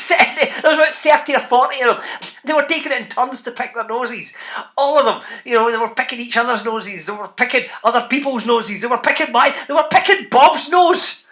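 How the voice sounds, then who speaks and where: Bouncy, bright-voiced Scottish man. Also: very high-pitched, fairly quick. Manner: bouncy, playful, calls out to the kids. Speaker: children's author presenting a reading show. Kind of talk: lively talk to school classes.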